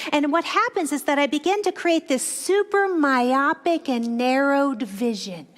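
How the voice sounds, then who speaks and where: A woman minister giving a reflective Sunday sermon that unfolds as a story. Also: on the high side. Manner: reflective, storytelling, with slowed phrases.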